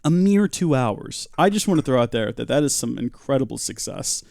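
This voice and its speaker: A young man streaming a game talks at a normal pace with animation and vocal fry, his darkish voice recorded clean in a studio without room sound. He keeps up playful commentary, engages his chat, and dips into goofy high voices.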